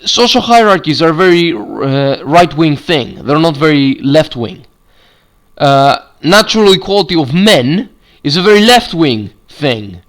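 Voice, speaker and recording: Guy with a slightly high voice doing an angry swear-y rant, trips over words a lot. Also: very animated, a little slow, a bit bright. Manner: argumentative, profane, reads passages aloud with stumbles. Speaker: YouTube commentator. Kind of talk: heated political rant video.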